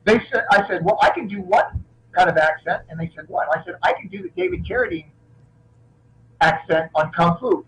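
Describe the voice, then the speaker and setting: A middle-aged man, an action film actor as a guest, telling animated anecdotes in a casual interview and often restarting his sentences. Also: high voice, brisk, rough recording.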